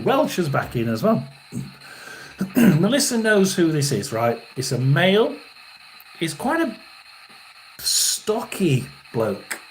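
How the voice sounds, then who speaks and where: A man in his sixties doing a live tarot and spirit reading as a psychic medium, halting and rambling, often clearing his throat. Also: fairly high pitch, a little hiss or hum, low-quality recording.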